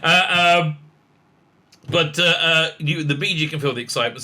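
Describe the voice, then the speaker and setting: A man, rambling excitably through a casual commentary vlog with many fillers and restarts. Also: on the high side, normal speed, heavy background noise. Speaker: rabbi and online commentator.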